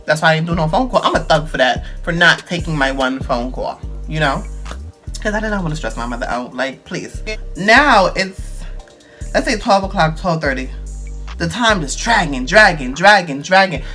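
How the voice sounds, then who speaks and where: A man's voice: fairly high pitch, animated, normal speed, pushed and bright, soft background music. A man, telling a dramatic, slang-heavy storytime on his vlog. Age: 20s. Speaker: vlogger.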